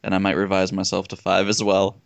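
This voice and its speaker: A man's voice: low-pitched, monotone, brisk, creaky, dry recording. A man co-hosting a comedy reading, chiming in with wry sarcastic jokes in casual banter. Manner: wry sarcastic quips, jokey asides. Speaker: co-host.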